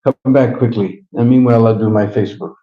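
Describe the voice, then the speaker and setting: A man's voice: medium pitch, fairly even intonation, a little fast, natural voice. A man voicing a noble male lion who speaks casually, in a roomy, slightly dull live recording. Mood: indulgent. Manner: casual, good-humored. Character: ferocious but noble male lion, joking.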